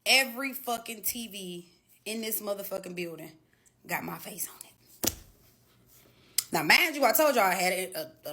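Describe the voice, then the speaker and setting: Woman, casual storytelling, animated, profane, slightly high voice. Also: slight background noise. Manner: animated, profane, acts out quotes. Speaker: woman telling her side in a social video.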